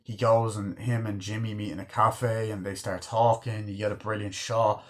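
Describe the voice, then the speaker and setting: A man's voice: on the low side, flat delivery, moderate pace. A man giving a casual, rambling film review, swearing freely as he retells scenes. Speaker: movie reviewer.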